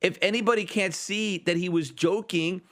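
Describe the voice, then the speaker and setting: A man's voice: high voice, moderate pace, a bit bright. A man hosting his own podcast, giving emphatic, argumentative political commentary full of rhetorical questions. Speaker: podcast host.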